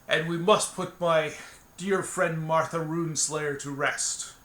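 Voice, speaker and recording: A man's voice: a little high, steady tone, slow pace, bright, forceful tone, echoey room. A man playing a wordy, pompous male cleric who speaks in stiff, formal sentences in a tabletop game. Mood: solemn.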